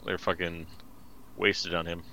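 A man co-hosting a casual podcast with a fairly low voice that still sounds bright. He swears freely and mocks his friends, often laughing. The banter is loose and unscripted. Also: level tone, unhurried, creaky. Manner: profane, mocking, laughs a lot. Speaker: podcast co-host.

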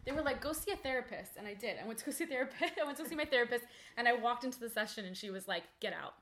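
A woman's voice: fairly high pitch, expressive, very fast, a bit bright. A woman in her twenties, a podcast guest telling a personal story in a chatty way with many fillers. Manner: chatty, many "like" fillers, quotes family in dialogue. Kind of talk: casual storytelling interview.

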